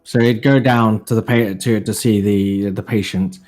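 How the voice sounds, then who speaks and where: A man's voice: lowish voice, steady tone, normal speed, darkish tone, faint music behind. A man playing a tabletop game, asking the game master questions and describing what his character does. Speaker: player.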